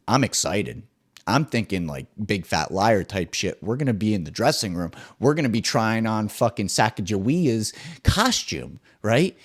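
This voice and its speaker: A young man hosting a comedic solo podcast, ranting with swearing and swinging between loud bursts and muttered asides. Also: lowish voice, sing-song, normal speed. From New Jersey. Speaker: podcast host.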